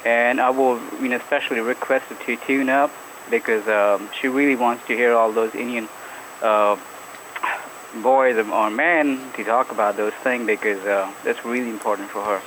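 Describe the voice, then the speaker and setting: A man's voice: mid-range voice, fairly even intonation, normal speed, a bit bright, a little hiss or hum, low-quality recording. A man calling in to a radio show, telling rambling jokey stories. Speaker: caller. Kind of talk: casual chat on a radio call-in.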